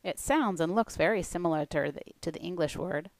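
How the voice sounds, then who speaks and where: Low-voiced woman with gravelly texture. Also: fairly quick, dry recording, rough recording. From United States. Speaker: language coach. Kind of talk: scripted presentation.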